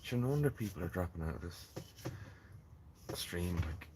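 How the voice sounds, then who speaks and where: A man's voice: low-pitched, lively intonation, moderate pace, heavy background noise. A man chatting casually on a gardening live stream, rambling and joking with viewers from his greenhouse. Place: in a greenhouse in the rain.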